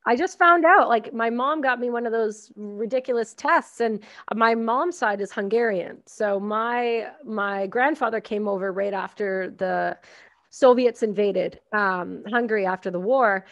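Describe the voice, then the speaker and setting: A woman hosting a podcast interview, talking emphatically and effusively and acting out quotes in animated voices. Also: fairly high pitch, a little slow, dry recording. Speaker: podcast host. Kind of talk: casual interview conversation. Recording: dry, dull audio.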